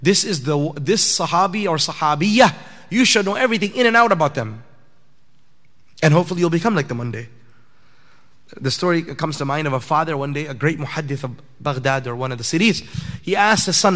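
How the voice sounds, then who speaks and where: A man delivers a sermon in a mosque prayer hall, his fairly high voice carrying a long reverb tail. He talks to the congregation conversationally and asks them rhetorical questions. He then drives his points home with emphasis. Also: animated, brisk, a bit bright. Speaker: imam giving a sermon.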